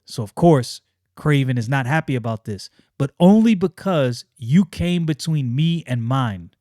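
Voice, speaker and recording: Excitable, slangy man reviewing comics. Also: mid-range voice, a little slow, no room sound, studio quality. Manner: excitable, slangy, lots of restarts. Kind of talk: casual review vlog.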